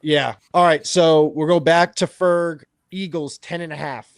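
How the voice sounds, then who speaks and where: A man's voice: a little high, steady tone, unhurried, slight background noise. Man hosting a casual sports podcast. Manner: runs the segments, hesitant restarts. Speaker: podcast host.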